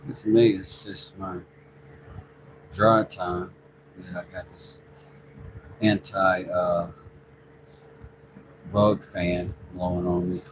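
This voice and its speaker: A man's voice: deep voice, flat delivery, drawn-out words, long pauses. A man hosting a casual livestream from his woodworking shop, joking and greeting viewers by name. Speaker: livestream host. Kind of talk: casual livestream chat while working. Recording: noisy shop ambience.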